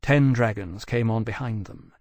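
A man reading a novel aloud as an audiobook narrator, in a measured, even storytelling manner on a close studio mic. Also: lowish voice, dry recording. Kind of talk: scripted narration.

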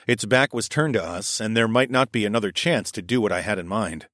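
A young adult man narrating a first-person adventure story in a steady storytelling voice. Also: a little fast, no echo, clean studio sound. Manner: steady storytelling, voicing his own lines louder and higher.

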